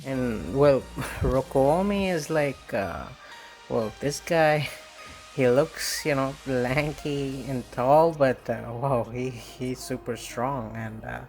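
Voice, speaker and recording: A man reviewing a manga chapter in a loose, rambling way, full of fillers and little chuckles. He talks very slowly. Faint background music plays under his voice. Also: mid-range voice, darkish tone. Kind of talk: casual review vlog.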